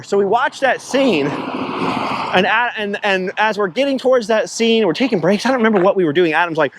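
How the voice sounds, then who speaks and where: A high-voiced man rambles through a story in a casual travel vlog. His pitch swings widely as he gets excited. He talks from a car on the road. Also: fairly quick, no room sound. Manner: rambling, animated storytelling, slips into impressions. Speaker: travel vlogger. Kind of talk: casual storytelling while driving.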